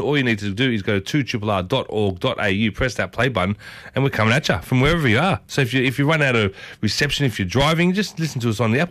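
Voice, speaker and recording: Chatty Australian radio host, dry sound. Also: male voice, mid-range voice, fairly bright tone, dry recording. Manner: enthusiastic, rambling, reminiscing with lots of asides. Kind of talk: chatty community radio show. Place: radio studio.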